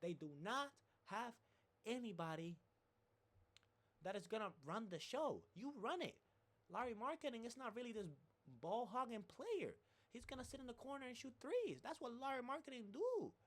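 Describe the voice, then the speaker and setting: A man's voice: very high-pitched, animated, normal speed. A man giving a casual, rambling sports rant as a streamer, repeating himself and swearing freely.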